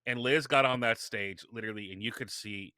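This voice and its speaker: A man's voice: fairly low pitch, brisk, no echo, clean studio sound. A man guest on a podcast, talking casually and telling stories with energy, often restarting his sentences. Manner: energetic storytelling with frequent restarts. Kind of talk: casual interview talk.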